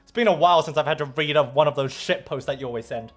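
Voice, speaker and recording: A man's voice: fairly high pitch, fast. A man with an Australian accent streaming, chatting casually and playfully as he reads out viewer messages, rambling and swearing now and then.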